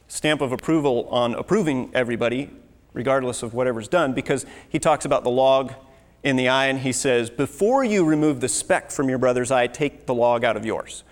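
Pastor type, man, earnest teaching sermon, mid-pitched, long hall reverb. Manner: earnest, teaching, reads scripture aloud.

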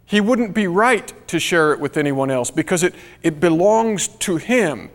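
An earnest man preaches a sermon and slows down to stress his key phrases. His voice sits a little high. The long reverb of a large hall trails behind him. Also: expressive. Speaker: pastor.

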